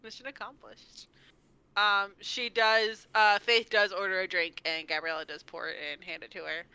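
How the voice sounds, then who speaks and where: A woman's voice: mid-range voice, level tone, moderate pace, pushed and bright, clean tone, rough recording. A woman running a tabletop role-playing game as game master, narrating and teasing the players playfully.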